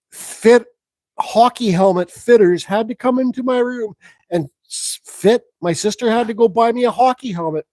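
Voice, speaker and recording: Guy w a highish voice rambling thru stories on his live stream, swears a lot, dry close sound. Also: a little mellow, no room sound, poor audio. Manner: rambling, frank, with swearing and restarts. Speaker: woodcarving channel host. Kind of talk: live stream Q&A, casual storytelling.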